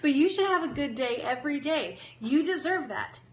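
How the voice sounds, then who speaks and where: A woman's voice: high voice, animated, moderate pace. A young adult woman hosting a casual live stream, talking in an upbeat, encouraging way, chatting with viewers and laughing often. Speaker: live-stream host giving daily affirmations. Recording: echoey room with faint ambient noise.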